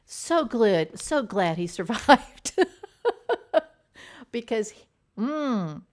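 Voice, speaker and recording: A woman's voice: medium pitch, a little mellow. A woman hosting a casual, rambling chat show, talking loosely with frequent laughs, sighs and fillers. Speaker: host. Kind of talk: casual chat about TV dramas.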